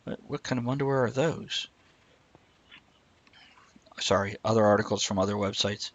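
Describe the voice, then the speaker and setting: A man's voice: on the low side, moderate pace, no echo, muffled recording. A man co-hosting a live stream, rambling casually and breaking off mid-thought. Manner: rambling, self-interrupting, reads chat aloud. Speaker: livestream co-host.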